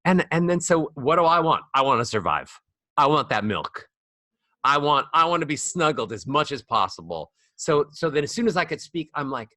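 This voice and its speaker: Animated bright-voiced man, voice coach. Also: on the high side, normal speed, no echo, clean studio sound. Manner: playful, acts out voices of others. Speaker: voice coach guest. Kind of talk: animated podcast conversation.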